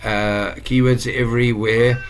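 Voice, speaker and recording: A man's voice: mid-range voice, level tone, measured pace, faint music behind. A South African man giving a casual screen-share tutorial, chatty and rambling, correcting himself as he goes. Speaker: online course instructor.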